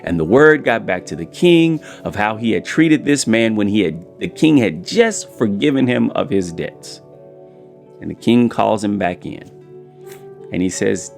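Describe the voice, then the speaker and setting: A man hosting a daily devotional show, preaching and retelling a parable in an energetic, folksy way. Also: on the low side, unhurried, gravelly, faint music behind. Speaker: host.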